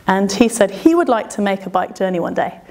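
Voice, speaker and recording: A woman's voice: mid-range voice, expressive, brisk, darkish tone. A woman telling a travel story in a chatty, self-deprecating way, laughing often. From Britain. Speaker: adventurer and speaker. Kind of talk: storytelling talk.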